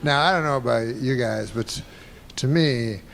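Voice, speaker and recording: Deadpan comic, noisy clip. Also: male voice, mid-range voice, gravelly. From Canada. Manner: deadpan, relaxed, halting with fillers. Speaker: stand-up comedian. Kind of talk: stand-up comedy set. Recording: noisy archival stand-up clip.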